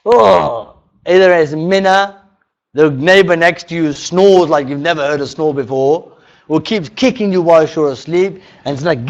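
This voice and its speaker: A man teaching a religious workshop in a mosque, animated and often checking in with his listeners. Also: on the high side, measured pace. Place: mosque hall. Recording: dull lo-fi recording.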